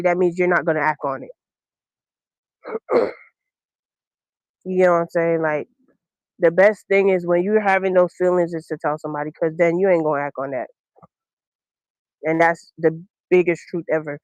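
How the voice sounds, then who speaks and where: A woman from Brooklyn, hosting a podcast and telling a personal story in a candid, slangy, unhurried way with many ums. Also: fairly low pitch, steady tone, dry recording, low-quality recording. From Brooklyn, New York. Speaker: podcast host.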